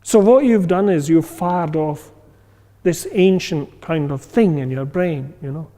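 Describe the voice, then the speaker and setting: A man's voice: fairly high pitch, measured pace, mellow. Man teaching meditation in a reverberant hall. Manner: conversational, many fillers, acts out inner voices. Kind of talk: informal class talk.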